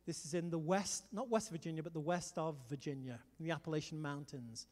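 Guy preaching a sermon, high voice, hall echo ringing long behind him. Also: fairly quick. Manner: animated storytelling, rallying the crowd.

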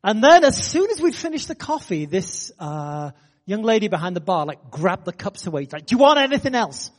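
Man preaching, high voice, swooping delivery, reverberant hall. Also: moderate pace. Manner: animated, building excitement in anecdotes. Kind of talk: storytelling sermon.

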